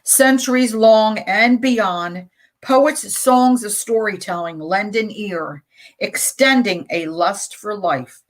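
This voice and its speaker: A middle-aged woman hosting a community radio show, reading poems aloud slowly and deliberately, with casual chatty asides between them. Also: medium pitch.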